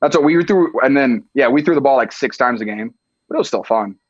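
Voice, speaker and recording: A man's voice: medium pitch, animated, fairly quick, no room sound, dull audio. A young man from the US Midwest, a football player chatting as a guest, laid-back and full of filler words. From Iowa, US Midwest. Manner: laid-back, peppered with "like" and "dude". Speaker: podcast guest, tight end. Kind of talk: casual chat.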